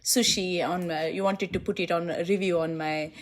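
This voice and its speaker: A woman's voice: on the low side, steady tone, normal speed. A woman Ayurvedic physician in a one-on-one consultation, giving instructions, repeating the key points and laughing easily with her client.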